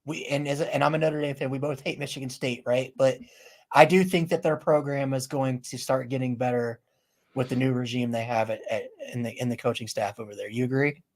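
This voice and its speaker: A man's voice: mid-range voice, steady tone, a little fast. A man co-hosting a casual sports podcast, making blunt win and loss calls and laughing often. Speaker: podcast co-host.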